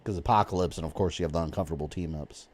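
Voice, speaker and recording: A man from Florida, USA, chats and rambles casually while livestreaming a video game, dropping the odd swear word. His voice is low with a darkish tone, and he talks rapid-fire.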